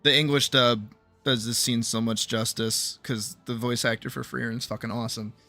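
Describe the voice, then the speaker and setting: A man streaming, recapping a story in a loose, animated way, swearing freely as he talks. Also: medium pitch, moderate pace, faint music behind. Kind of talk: casual chat.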